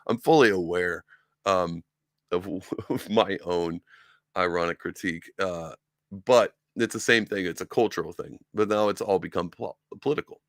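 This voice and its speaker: Man, low gravelly voice, dry close sound, casual rambling commentary, sarcastic. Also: steady tone, normal speed, fairly bright tone, no echo. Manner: rambling, sarcastic, many ums and restarts. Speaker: podcast host. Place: room with sci-fi collectibles behind him.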